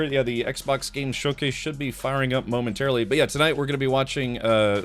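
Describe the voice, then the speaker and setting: A man hosting a live stream in casual chat, tired, rambling through stories and making mouth sound effects. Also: medium pitch.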